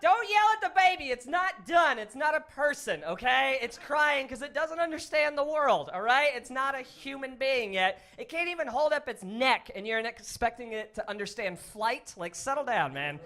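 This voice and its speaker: Man, stand-up comedian, high voice, punchy animated delivery, handheld stage mic. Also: moderate pace, hardly any pauses.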